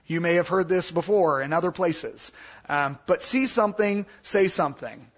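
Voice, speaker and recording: A man giving Bible teaching in a casual, animated way, acting out the voices he quotes. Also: on the high side, moderate pace, dull audio.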